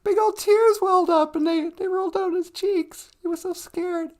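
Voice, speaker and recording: Her voice sits extremely high, with a fairly even intonation, a moderate pace and a darkish tone. She co-hosts a casual live stream, chatting and reading out viewer comments while laughing often.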